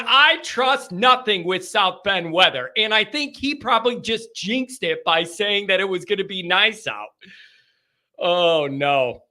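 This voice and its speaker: A man's voice: high-pitched, animated, a little slow, sharp tone. A man hosting a live sports call-in show, chatting casually with rambling asides, laughter and self-interruptions.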